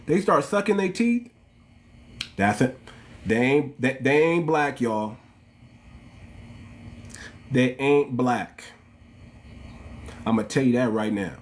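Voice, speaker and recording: A man's voice: mid-range voice, a little hiss or hum. A man with an African American English accent hosting a livestream, ranting to his viewers in a preachy, repetitive way and calling them family. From United States. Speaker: channel host.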